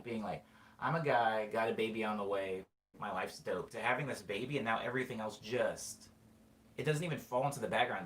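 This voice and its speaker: A male podcast host rambles through a casual monologue, full of fillers, restarts and self-corrections. His mid-range voice has a fairly bright tone, with slight background noise in an echoey room carrying faint ambience.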